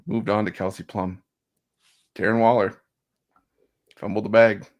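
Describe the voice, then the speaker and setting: A man's voice: on the low side, flat delivery, unhurried, dull audio. A man co-hosting a casual sports betting show, teasing his co-hosts and joking as he reads out picks. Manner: teasing, joking banter with restarts.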